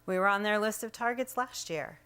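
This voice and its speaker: A woman speaking for a coalition at a press conference, measured and deliberate at a podium microphone. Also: medium pitch, fairly bright tone, smooth. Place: indoor room at a state capitol.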